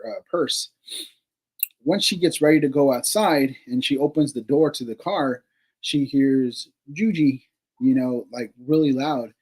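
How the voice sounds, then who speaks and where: A man with a husky, slightly rough voice at a middling pitch tells a long story in a loose, conversational way. He rambles with plenty of fillers and casual swearing, and he laughs between remarks as he goes. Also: darkish tone, rough recording. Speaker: paranormal investigator guest.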